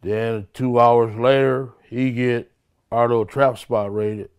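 A man telling street stories in an interview, profane and animated, acting out the people he quotes. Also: medium pitch, slow pace, clear, resonant tone. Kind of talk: street storytelling.

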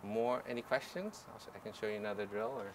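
A man coaching a group through drills outdoors, energetic and instructive, often checking in with "okay?". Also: lowish voice, fast talker, a little hiss or hum. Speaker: ultimate coach. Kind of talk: outdoor coaching clinic demonstration. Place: outdoor field.

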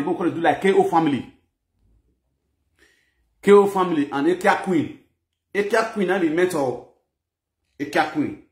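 A man with a Nigerian Pidgin English accent, telling a personal story in an animated, mixed-language way. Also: on the high side, roomy sound. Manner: animated, mixes Pidgin and Yoruba phrases. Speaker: social media presenter. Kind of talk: storytelling monologue.

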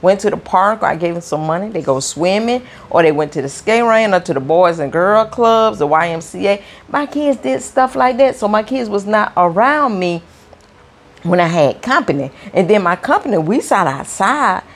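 A woman's voice: mid-range voice, lively intonation, moderate pace. A woman, chatting to her viewers from her apartment in a rambling way, often repeating her words. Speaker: vlogger. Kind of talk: casual rambling chat to viewers.

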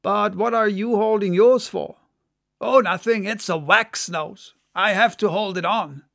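A man's voice: high voice, unhurried, vocal fry, fairly bright tone, voice pushed up, heavily acted. A man voicing a boisterous, joking male whaling mate in an audiobook, bellowing and mocking. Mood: teasing. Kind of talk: audiobook character voice.

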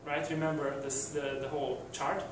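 A man's voice: on the high side, little pitch movement, moderate pace, a little hiss or hum. Man lecturing in a very echoey hall. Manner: hesitant, many fillers and restarts. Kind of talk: university lecture. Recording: very echoey room from far off.

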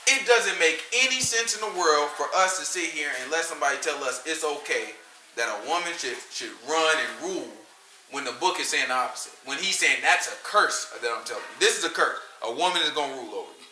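A man preaching a sermon. He talks in a lively, conversational way and often breaks into shouts. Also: a little high, a little fast, echoey room, slight background noise, poor audio.

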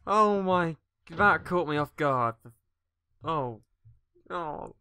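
A man's voice: a little high, measured pace, slight background noise. A young man from England with an English accent, joking and shrieking through a casual game commentary. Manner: jokey, excitable, shrieks when startled. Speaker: let's player.

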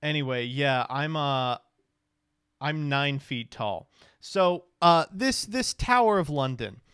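A man's voice: a little high, animated, takes it slowly, fairly bright tone, clean tone, dry recording, clean studio sound. Rambling, profane man telling a story. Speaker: law student and streamer. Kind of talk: casual storytelling recap.

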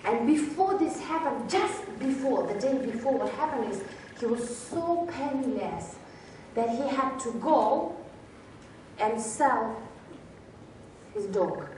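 A woman's voice: fairly high pitch, expressive, slow pace, a little mellow, a little hiss or hum. A woman presenter at a workshop, telling a motivational story with lots of restarts and acted-out quotes. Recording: very echoey hall, distant mic.

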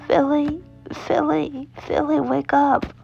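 A woman's voice: high voice, level tone, slow, gravelly, darkish tone, pitched above the performer's own voice, full character voice. A woman voicing a frightened little boy with a small, pleading, whimpering voice. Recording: dull lo-fi audio with faint music.

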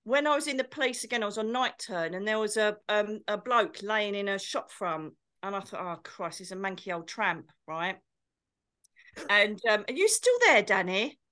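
A woman's voice: medium pitch, normal speed, bright, forceful tone, smooth. A middle-aged woman, telling stories in a casual chat and swearing now and then. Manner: chatty storyteller, swears, does posh impressions. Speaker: co-host, medium.

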